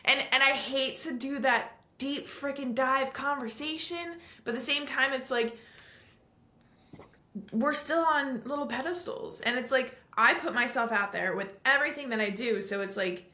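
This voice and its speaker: Bright-voiced woman podcast host, ranting. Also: high-pitched, moderate pace, echoey room. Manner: animated, ranting, emphatic. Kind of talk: casual chat.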